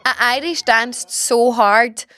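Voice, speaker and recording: A woman in her twenties hosting a podcast, telling stories in a chatty, animated way and swearing freely. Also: fairly high pitch, slow pace, no echo. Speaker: podcast host. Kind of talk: casual storytelling chat.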